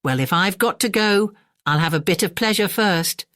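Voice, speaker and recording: The narrator voicing a big, gruff, hot-tempered secretary in a bedtime mystery audiobook. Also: mid-range voice, animated, normal speed, fairly bright tone, dry recording, studio quality, pitched above the performer's own voice, lightly acted.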